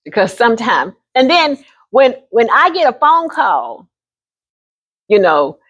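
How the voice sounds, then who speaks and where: A woman in her sixties telling a personal story to camera in an animated, folksy way, often calling the listener honey. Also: on the high side, slow pace, husky, lo-fi sound. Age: 60s. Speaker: vlogger.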